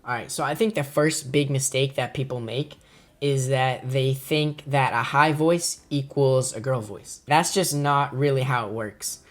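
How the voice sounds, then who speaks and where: A man's voice: mid-range voice, steady tone, a little slow. Young man casually teaching voice tricks. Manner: informal, chatty, explains step by step. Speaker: voice tutorial creator. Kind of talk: casual spoken tutorial.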